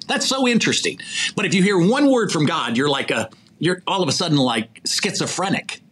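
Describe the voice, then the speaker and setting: Brisk and animated, a slightly high, somewhat bright male voice belongs to an older podcast guest who works as an executive recruiter. He tells stories with energy, plays out quoted dialogue, and chuckles in the middle of sentences; a little hiss or hum is audible.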